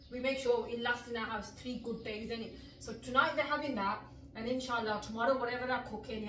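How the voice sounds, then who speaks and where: A woman's voice: a little high, a bit bright, a little hiss or hum. A middle-aged woman vlogger of heritage, chatting to camera, laughing often and mixing in Punjabi words. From Mirpur, Pakistan heritage, living in the UK. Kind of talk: casual chat to camera. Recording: echoey room, mic at a distance.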